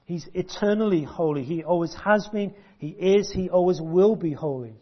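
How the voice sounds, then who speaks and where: Man, preacher, sermon, fairly high voice, deliberate pauses, hushed drops, muffled audio. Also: husky. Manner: emphatic, with drawn-out pauses and repeated words; drops to a hush at key points. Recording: dull lo-fi recording.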